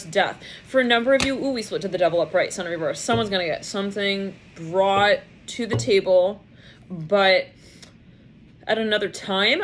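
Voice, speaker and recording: A woman's voice: mid-range voice, slight background noise. A woman giving a casual tarot reading, musing aloud in a rambling way and now and then mimicking the people she pictures. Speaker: tarot reader.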